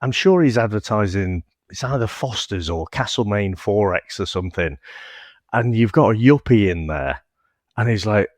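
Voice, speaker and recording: A man's voice: fairly low pitch, expressive, normal speed, no room sound, clean studio sound. A man co-hosting a movie podcast, reminiscing with rambling enthusiasm. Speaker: podcast co-host. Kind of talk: casual movie podcast chat.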